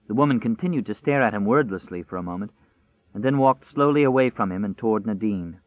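A man narrating a novel in a measured, even storyteller's voice, pitched a little low. The sound is dead dry. It has a narrow, tinny band like a phone line. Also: no room sound. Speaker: audiobook narrator.

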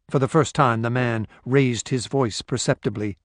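A male narrator with a medium voice reads a thriller in a measured, steady way. The recording is close and completely dry, with no room sound. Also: medium pitch, no room sound. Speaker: audiobook narrator. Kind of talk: scripted narration.

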